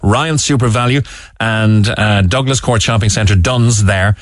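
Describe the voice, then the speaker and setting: A man with a Cork accent presents studio talk radio in a fairly low, slightly slow voice, reading out listener texts. He's earnest, with frequent "uh" fillers and restarts, and the studio mic picks up no room sound.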